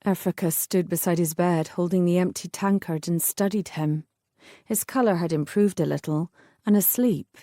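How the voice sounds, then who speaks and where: A woman narrating a historical romance audiobook in a measured, even storytelling manner. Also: on the low side, dry recording, studio quality. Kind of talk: scripted narration.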